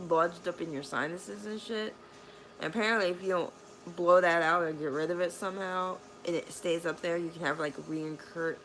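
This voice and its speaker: A woman's voice: lowish voice, a bit bright, a little hiss or hum, poor audio. A woman vlogging at home in a bedroom, telling a rambling, profane story full of fillers. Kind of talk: casual storytime vlog.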